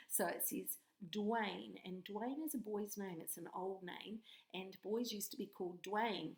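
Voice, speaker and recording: A woman teacher, leading a patient, clearly spoken lesson for young children with sing-song bursts. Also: medium pitch, fairly even intonation, a little slow, few pauses. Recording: echoey room.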